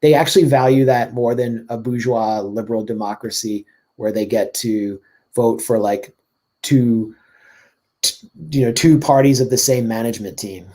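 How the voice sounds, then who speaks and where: A man, a journalist guest, talking fast and sardonically in casual political chat, with many "like"s and "I mean"s. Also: medium pitch, fairly even intonation, mellow.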